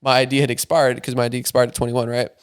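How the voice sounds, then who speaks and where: A man's voice: medium pitch, level tone, clear, resonant tone. A young man, a podcast guest, telling a story in casual chat, swearing often and packing his talk with filler words. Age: young adult. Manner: rapid, profane, heavy filler words.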